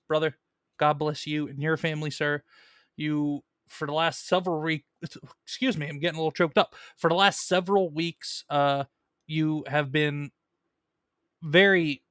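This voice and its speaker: A man hosts a casual comic book live stream, reading chat messages aloud and talking loosely with plenty of fillers. His voice sits a little high and sounds bright and forward. The recording is dry and close to the mic. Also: clean tone, no room sound. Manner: chatty, with many fillers and restarts, reads viewer messages.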